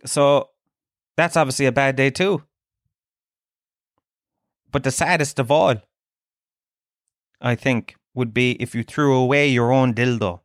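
A man's voice: mid-range voice, a little slow, pauses often, no room sound, studio quality. A young Irish man, a stand-up comedian, hosting his podcast in a crude, swearing, joking monologue.

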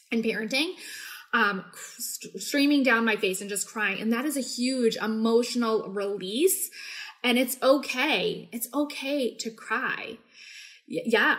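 Woman, 30s, slightly high voice; rambling, warm-hearted tapping coach on a casual live stream. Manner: chatty, rambling, self-interrupting with likes and ums; demonstrates while talking, acts out her own venting. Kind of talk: casual live video teaching.

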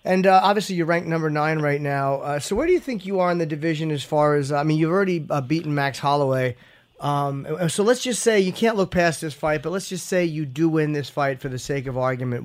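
A man hosting a radio interview, asking questions quickly and stumbling over his words. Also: fairly high pitch. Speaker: radio host.

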